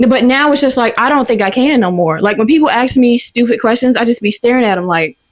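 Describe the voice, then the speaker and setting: A young woman in her twenties hosting a podcast, telling a story in a profane, exasperated, animated way. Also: a little high, fast. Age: 20s. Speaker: podcast host. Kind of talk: casual storytelling rant.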